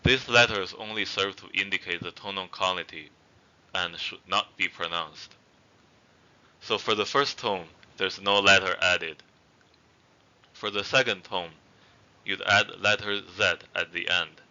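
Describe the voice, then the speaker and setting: Deep, bright-toned man teaching a lesson. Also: fairly even intonation, a little slow, dull audio. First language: not Zhuang. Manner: hesitant, many fillers and restarts. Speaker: language teacher. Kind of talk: casual spoken lesson.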